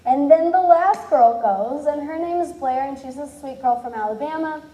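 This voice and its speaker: A woman's voice: sits high, normal speed, warm tone, reverberant, in a large hall, low-quality recording. A woman in her twenties from Cincinnati, candidly telling a personal story with self-deprecating humor and acting out what others said. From Cincinnati, USA. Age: 20s. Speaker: speaker sharing her testimony.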